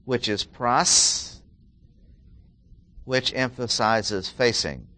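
A middle-aged man delivers expository Bible teaching at an unhurried pace. He builds his points by repeating phrases and leaning hard on single words. His voice sits at an ordinary mid pitch. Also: bright, forceful tone, no echo. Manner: deliberate, repeats key phrases with emphasis. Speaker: preacher.

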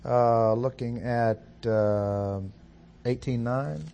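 Guy teaching a bible study, slow careful reading, kinda plain mid voice, faint hiss behind. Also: medium pitch, fairly even intonation, vocal fry, mellow, lo-fi sound. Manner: measured, deliberate reading of scripture with pauses.

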